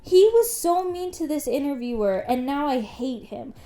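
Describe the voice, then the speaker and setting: A woman's voice: high-pitched, animated, moderate pace, mellow, soft background music. A young woman co-hosting a podcast in casual chat, laughing often and swearing bluntly. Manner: giggly, blunt, swears freely. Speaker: podcast co-host.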